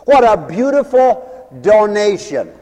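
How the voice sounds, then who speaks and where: A man's voice: high voice, big pitch swings, takes it slowly, darkish tone, big-room sound, poor audio. A man preaching a radio sermon in an emphatic, folksy manner, acting out voices as he goes.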